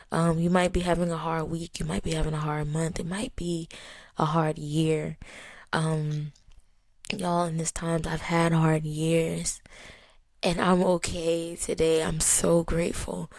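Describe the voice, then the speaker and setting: A woman in her early thirties talks slowly and reflectively on her solo podcast. Her voice sits a little low and she comes close to tears, circling back over the same phrases. The sound is dry and close, with no room echo. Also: a little mellow. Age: 30s. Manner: emotional, tearful at moments, grateful, repeats phrases. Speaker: podcast host.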